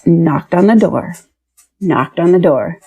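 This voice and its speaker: A woman in her thirties, originally from Pennsylvania, speaks in a fairly low, warm and mellow voice. She tells a personal story as a podcast guest, animated and acting out each exchange as she recalls it. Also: slow pace, muffled recording, slight background noise. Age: 30s. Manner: animated, acts out dialogue in her retelling.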